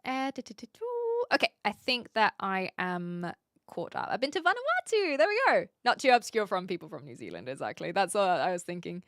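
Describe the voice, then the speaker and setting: A woman's voice: lowish voice, very animated, moderate pace, a bit bright, dry recording, clean studio sound. A woman streamer in casual livestream chat, reading viewer comments aloud in a chatty, rambling way with frequent laughs.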